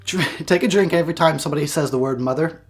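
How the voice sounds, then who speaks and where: A man's voice: on the high side, quick pace. A man giving a casual movie review, swearing freely and often breaking into laughter. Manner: giggly, profane, breaks into laughter.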